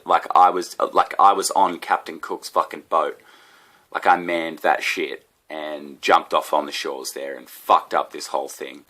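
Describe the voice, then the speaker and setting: A man's voice: sits low, fairly even intonation, moderate pace, sharp tone. An Australian man, a comedian, telling a rambling, profane story with laughs at his own tangents. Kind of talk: casual comedic rant.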